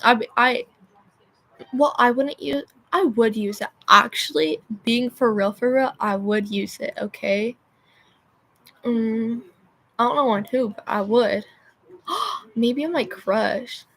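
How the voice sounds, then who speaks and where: A woman's voice: fairly high pitch, takes it slowly, long pauses, fairly bright tone, a little hiss or hum. A young woman chatting on a livestream, rambling and losing her train of thought with constant filler words. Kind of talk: rambling live-stream chat.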